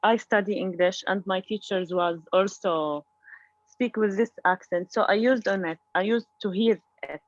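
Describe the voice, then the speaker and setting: A woman student giving her view in an online class, pausing often as she searches for words. Her voice comes through a dull, dry video call line. Her pitch sits in a middle range. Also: no room sound. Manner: hesitant, searching for words, laughs. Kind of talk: casual class debate.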